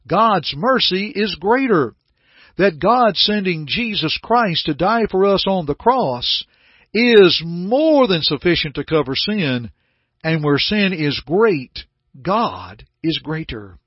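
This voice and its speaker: Male radio preacher, earnest and emphatic, slightly high husky voice, dry lo-fi broadcast. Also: no room sound. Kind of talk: radio sermon. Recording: dull, lo-fi radio broadcast sound.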